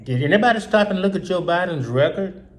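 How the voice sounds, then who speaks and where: A man's voice: high voice, expressive, fast. A man hosting his own show, talking through an emotional political monologue that is full of repetition and rhetorical questions. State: upset. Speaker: host.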